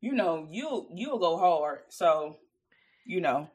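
A young adult woman co-hosting a podcast in casual chat, emphatic, chiming in with quick reactions. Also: on the low side, lively intonation, breathy edge. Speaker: podcast co-host.

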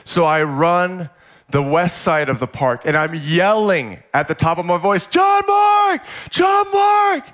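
A middle-aged man from California preaching a sermon, telling a story with strong emotion, repeating words, shouting at peaks and dropping to near-whispers. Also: on the high side, a little slow. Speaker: pastor.

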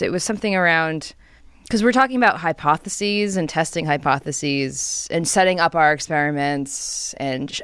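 A young woman co-hosting a podcast, chatting casually and telling animated stories, acting out quotes with quick laughs. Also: low-pitched, smooth, dry recording, studio quality. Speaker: podcast co-host. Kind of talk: casual chat.

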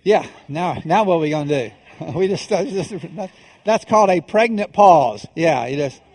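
A middle-aged male pastor preaching a sermon, telling humorous self-deprecating stories with halting restarts before moving into a measured, solemn delivery. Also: on the high side, lively intonation, darkish tone.

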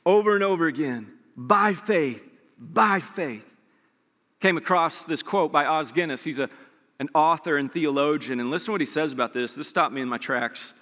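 A man preaching a sermon as pastor, animated and conversational with joking asides to his church. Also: fairly high pitch, normal speed. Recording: long reverb of a large hall.

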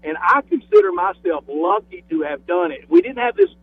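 His voice is extremely high and gravelly, with wildly swooping pitch at a moderate pace and slight background noise. He's a Southern US man in his fifties, a guest on a radio show chatting casually and enthusiastically by tinny phone, often repeating words when starting sentences.

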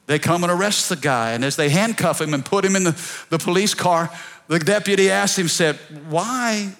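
A man pastor preaching a sermon to his church, calling on the congregation to repeat after him and swinging between soft pleading and loud shouts. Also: high-pitched, brisk, vocal fry. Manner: preaching with call-and-response, rising to shouts. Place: church service.

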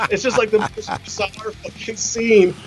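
A man telling a rowdy tour story as a guest, swearing freely and acting out the quotes in other voices, sometimes shouting. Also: sits high, a little slow, low-quality recording. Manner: animated, profane, acts out quotes with shouts. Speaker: guest musician. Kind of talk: casual storytelling.

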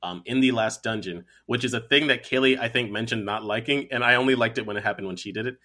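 Bright-toned man in joking game chat. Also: mid-range voice, fast. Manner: laid-back, joking, laughs often. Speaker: podcast co-host. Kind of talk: casual video game chat.

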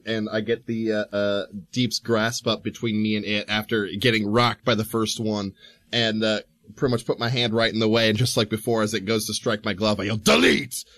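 A man's voice: fairly low pitch, fairly bright tone, no room sound. Hesitant male player narrating moves, dry close sound. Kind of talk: tabletop game play.

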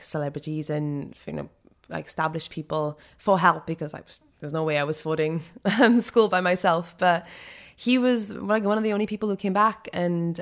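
Young Welsh actress, guest spot, chatty, filler-heavy, a touch low-pitched. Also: female voice. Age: 20s. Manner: quick, chatty, full of fillers and laughter. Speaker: guest, actor and singer. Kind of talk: casual interview chat.

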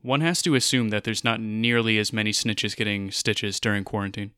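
A man co-hosting a podcast in casual chat, easygoing and smooth when reading intros. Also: lowish voice, steady tone, a little fast, pushed and bright, no room sound, clean studio sound. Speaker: podcast co-host.

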